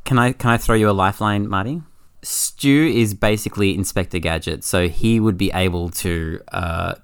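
A man guesting on a podcast in casual chat, jumping in with quick jokes. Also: deep voice, clean tone, no room sound, studio quality.

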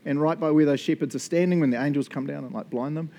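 A man's voice: on the high side, steady tone, fast, dark tone. A man, preaching as a pastor, praying and then teaching in an earnest, enthusiastic way with frequent laughs. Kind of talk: sermon with spoken prayer.

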